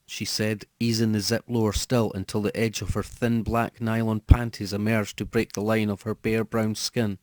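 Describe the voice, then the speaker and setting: A man narrating a horror story audiobook in a measured storytelling manner. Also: fairly low pitch, level tone, a little mellow, no echo. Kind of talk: scripted narration.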